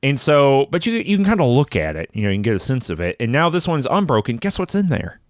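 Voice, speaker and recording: A man's voice: mid-range voice, quick pace, dry recording. A man co-hosting a gaming podcast, recorded dry and close with almost no room sound. His voice rises and falls freely as he tells his playthrough in a playful, jokey way. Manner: playful, animated storytelling. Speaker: podcast co-host. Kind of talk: casual gaming chat.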